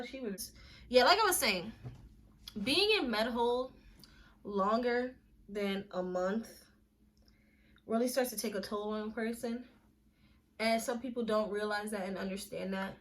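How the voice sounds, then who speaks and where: A young woman talking straight to camera in a casual vlog. Her voice is bright and forward. She speaks candidly and emphatically, in slangy everyday talk with quick restarts. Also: medium pitch. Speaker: vlogger.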